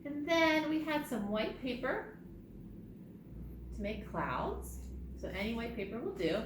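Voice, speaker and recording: A woman's voice: fairly high pitch, very animated, unhurried, long pauses. A woman librarian leading a preschool storytime, sing-song and playful, drawing out words for small children. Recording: distant, roomy, noisy recording.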